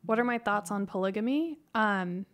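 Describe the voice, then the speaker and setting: A woman in her thirties answers questions from a livestream chat in an easy, unhurried way. Her voice sits at a middle pitch. She speaks softly and hesitates often, filling pauses with ums and starting sentences over. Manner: soft-spoken, hesitant, many ums and restarts. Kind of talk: casual livestream Q&A.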